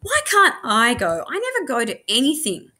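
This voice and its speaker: A woman's voice: medium pitch, sing-song, moderate pace, fairly bright tone. A woman reading aloud, voicing a sulky teenage girl in a dry, dismissive manner.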